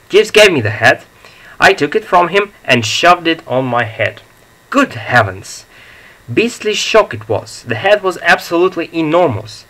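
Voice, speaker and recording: A man narrating a comic story as an audiobook in a measured, deliberate reading. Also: fairly high pitch, very animated, bright, forceful tone, low-quality recording.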